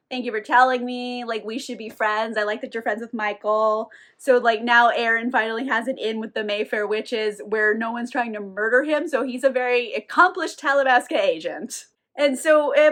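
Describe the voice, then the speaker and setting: A woman with a high, bright voice who recaps a novel casually. She swears freely, laughs often and keeps her delivery animated. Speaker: book reviewer. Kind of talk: casual book recap vlog.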